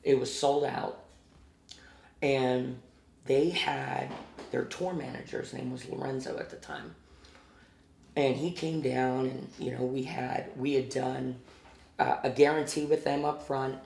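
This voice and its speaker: A man with a Midwestern American accent, a podcast guest telling a backstage story in a casual, animated way and acting out the quotes. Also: medium pitch, measured pace, gravelly, pauses often, reverberant. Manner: animated anecdote teller who acts out quotes. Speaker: guest, former music venue promoter.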